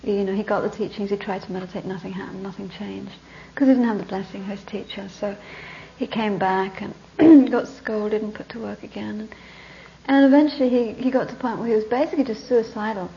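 Soft-trailing woman telling a dharma story. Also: mid-range voice, steady tone, fairly quick, gravelly. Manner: conversational, restarts, trails off softly. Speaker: Buddhist teacher. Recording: dull lo-fi recording.

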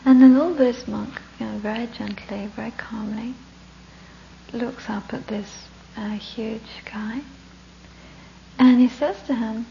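A woman giving a Buddhist dharma talk through a story, often dropping into breathy whispers and laughing between lines. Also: a little high, fairly even intonation, unhurried, mellow. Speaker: Buddhist teacher. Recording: dull lo-fi recording with faint hum.

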